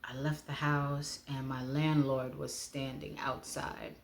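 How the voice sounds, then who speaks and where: A woman giving a personal testimony, speaking in a heartfelt way and often dropping to a hush. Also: rumbling low, little pitch movement, slow, gravelly, slight background noise. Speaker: speaker sharing her testimony.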